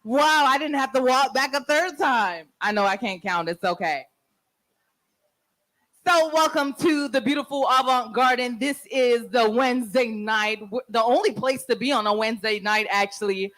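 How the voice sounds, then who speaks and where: A woman's voice: a little high, normal speed, fairly bright tone, rough recording. A woman hosting an open mic night on the stage of a live venue, talking into a handheld mic with brash, playful banter and some profanity.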